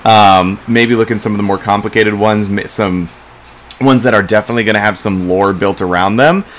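A man's voice: fairly low pitch, steady tone, brisk, a little hiss or hum. Easygoing man wrapping up a podcast. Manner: easygoing, hesitant with fillers. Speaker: podcast co-host. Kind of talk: casual chat and show wrap-up.

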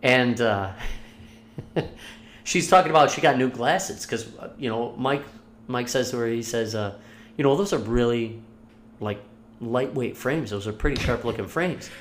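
A man on a podcast spinning casual stories, swearing freely and jumping into voices for the people he quotes. His delivery swings between low mutters and loud, excited bursts. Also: unhurried, long pauses, a little hiss or hum. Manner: animated, profane storyteller who acts out quotes. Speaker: podcast co-host. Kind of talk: casual storytelling chat.

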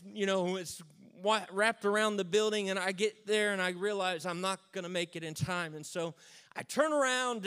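Man with a higher voice telling a funny story. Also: clean tone. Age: 30s. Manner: self-mocking, dry jokes, lively retelling. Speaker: speaker telling a personal story. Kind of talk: humorous personal storytelling.

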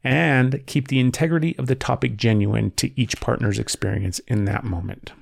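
Man, 40s, podcast co-host, heavily gravelly voice, dry close sound, blunt and joking. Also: mid-range voice, steady tone, moderate pace, no room sound. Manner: blunt, joking, swears casually. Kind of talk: casual chat.

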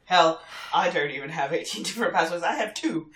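Teacher lady on a podcast ranting, bright voice, lots of no no no, echoey room. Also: lowish voice, brisk. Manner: emphatic, opinionated, swears, repeats words. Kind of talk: casual chat. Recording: roomy echo.

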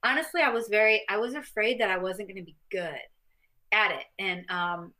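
A woman speaks as a guest on a casual interview show. She tells her stories with animated, self-mocking energy, and her voice has a bright, forceful edge at a middle pitch. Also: normal speed. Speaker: guest, former boxing champion.

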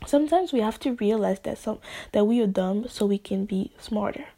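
A woman vlogger in a spontaneous, rambling monologue, using slang and sometimes dropping into soft whispers. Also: medium pitch, normal speed.

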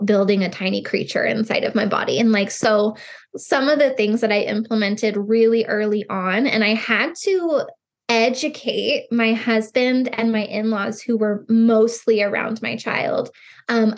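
A woman in her thirties, a podcast guest and grief counselor, talking in an earnest, expressive way with lots of "like" fillers. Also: fairly high pitch. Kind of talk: casual conversation.

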